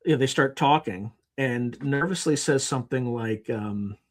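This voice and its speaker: A man's voice: mid-range voice, moderate pace. A man talking as a podcast guest, telling anecdotes with animation and acting out other people's lines. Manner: animated storyteller who acts out quotes. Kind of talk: conversational interview.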